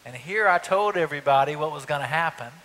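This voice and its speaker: Bright-voiced pastor preaching in a reverberant hall. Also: male voice, fairly high pitch, animated, quick pace. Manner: conversational storytelling, rhetorical asides. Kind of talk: sermon. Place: church sanctuary. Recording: hall reverb, faint hiss.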